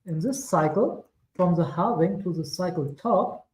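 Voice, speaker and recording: A man's voice: sits high, measured pace, a little mellow, reverberant, low-quality recording. A man with a German accent giving casual crypto chart commentary, rambling and correcting himself with chatty asides. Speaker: crypto streamer.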